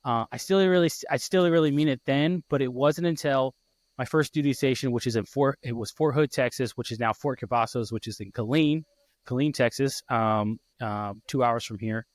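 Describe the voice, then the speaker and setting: A man in his thirties, a podcast host, telling an emotional personal story in a heartfelt, halting way full of restarts. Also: medium pitch, dry recording.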